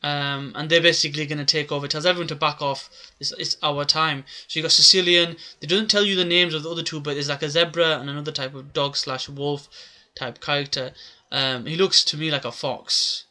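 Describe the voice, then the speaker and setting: A man's voice: a little high, fairly even intonation, brisk, bright, forceful tone. A man giving a casual, rambling recap of a comic chapter, with many filler words. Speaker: manga reviewer.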